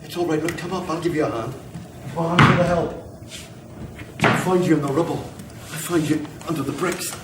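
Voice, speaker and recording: A take-charge fire chief, voiced by a man talks someone up gently and steadily. His pitch is a touch raised, and he sounds set back from the mic. Room echo and background noise fill the recording. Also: steady tone, a little fast, pauses often, lightly acted. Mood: coaxing. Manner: coaxing, reassuring. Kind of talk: amateur audio drama. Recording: roomy, distant mic, noisy background.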